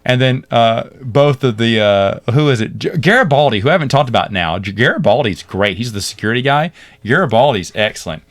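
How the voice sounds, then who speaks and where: Podcast host, male, mid pitch, rambling animated recap, dry close sound. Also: brisk, dry recording. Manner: rambling, animated retelling with laughs and acted-out quotes. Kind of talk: casual chat recapping a TV series.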